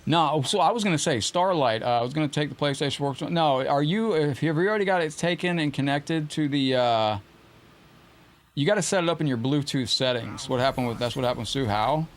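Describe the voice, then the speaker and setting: A man's voice: on the high side, a little fast. Casual man streaming a fighting game. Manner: casual, chatty, greets viewers mid-match. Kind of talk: live gameplay commentary and chat.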